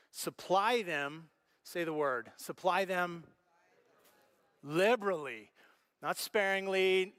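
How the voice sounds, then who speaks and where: Male pastor, higher-pitched, preaching with lively, animated storytelling. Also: smooth. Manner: animated storyteller, acts out his own reactions. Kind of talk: sermon.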